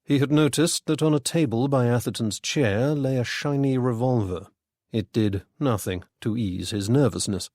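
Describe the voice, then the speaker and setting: A man reading a mystery story aloud as narrator, in a measured, even manner. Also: mid-range voice, no echo, clean studio sound. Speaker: audiobook narrator.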